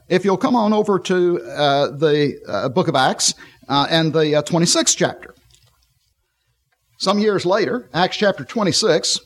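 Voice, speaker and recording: Male preacher, middle-aged, fairly high voice, halting delivery with many pauses, sermon on scripture. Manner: halting, frequent fillers and restarts while reading scripture.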